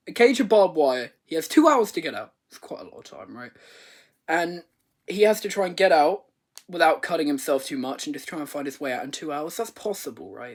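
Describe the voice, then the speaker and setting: A man giving a rambling, comedic movie review rant, swearing and exaggerating. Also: on the high side. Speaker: video reviewer.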